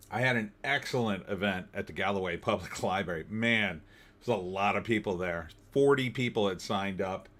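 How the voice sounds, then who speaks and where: A man's voice: medium pitch, sharp tone. A middle-aged man from New Jersey hosting a casual livestream, rambling about his week and reading viewer comments aloud. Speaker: livestream host.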